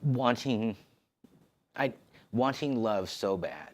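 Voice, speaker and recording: A man sharing an emotional personal testimony, halting and restarting as he talks. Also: on the low side, steady tone, creaky. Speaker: podcast host sharing his story. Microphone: on camera.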